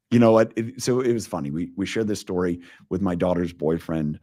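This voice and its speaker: A man in his forties speaks earnestly about leadership, his husky voice sitting low. He talks with intensity, often restarting sentences as he tells stories. The sound is dry and close. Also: normal speed, mellow, no room sound. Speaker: leadership coach. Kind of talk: casual interview talk.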